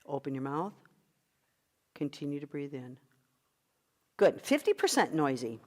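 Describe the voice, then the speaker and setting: A woman's voice: deep voice, very animated, a little slow, a little mellow. A middle-aged woman leading an online vocal workshop as a coach, guiding breathing exercises in an encouraging manner. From United States.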